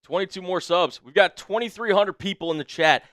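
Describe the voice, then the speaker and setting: Man, live stream co-host, upbeat, shouts out chat, slightly high voice, clean dry sound. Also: fairly quick, no echo. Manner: upbeat, urges viewers to subscribe, shouts out chat names.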